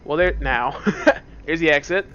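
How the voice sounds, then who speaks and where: A man playing a computer game in a dark room at home, with headphones on, talking through it in a playful, joking way. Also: fairly high pitch, a little slow, smooth, highs cut off. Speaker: let's play host. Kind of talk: casual gameplay commentary. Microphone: wearing headphones at the computer.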